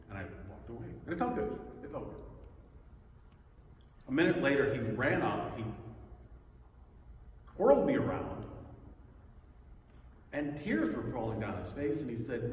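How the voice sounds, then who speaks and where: A man giving a personal testimony talk at a spiritual center, telling stories with pauses and repeated words. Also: mid-range voice, big pitch swings, a little hiss or hum. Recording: echoey hall, distant mic.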